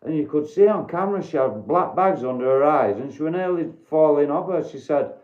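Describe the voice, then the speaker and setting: A man's voice: on the high side, animated, brisk, reverberant, muffled recording. A man from Doncaster with a Yorkshire accent, hosting a casual livestream, bluntly chatting to viewers by name and swearing freely. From Doncaster, Yorkshire, England. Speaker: livestream host.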